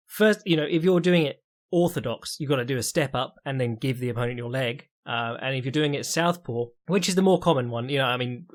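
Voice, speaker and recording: A young man hosting a podcast alone, giving casual fight commentary in a sardonic, profane manner with quick asides. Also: medium pitch. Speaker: podcast host and fight analyst.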